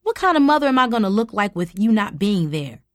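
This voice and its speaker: A woman voicing an angry, exasperated middle-aged mother who scolds loudly. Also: medium pitch, big pitch swings, fairly quick, no room sound, studio quality, close to an everyday voice. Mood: fuming. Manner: scolding, loud and indignant.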